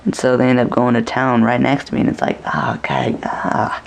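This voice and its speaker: A man's voice: mid-range voice, little pitch movement, quick pace, creaky. A young man casually recounting a rambling, crude dream story, acting out what people said in a raised voice. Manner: crude, rambling, acts out quoted lines with a raised voice. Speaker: vlogger.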